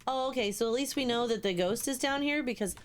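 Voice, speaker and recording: A young woman streaming a ghost-hunting game live, talking to her chat in an excitable, swearing, chatty way. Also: on the high side, fast, a little hiss or hum. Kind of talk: live gameplay commentary.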